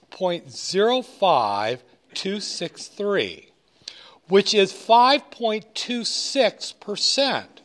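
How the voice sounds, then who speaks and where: A man lecturing on finance with a high, light voice. He jokes and digresses, then leans hard on his main principles. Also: fairly bright tone. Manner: joking, digressive, emphatic. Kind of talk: classroom lecture.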